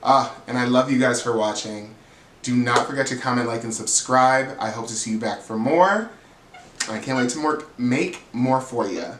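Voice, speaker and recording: A man recaps a reality show with sass and gusto, slipping into quick impressions of the people he talks about. His voice sits in the middle of the range. The room around him rings with a noticeable echo. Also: medium pitch, slight background noise. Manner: animated, sassy, gossipy storytelling with acted-out quotes. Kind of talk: casual recap commentary.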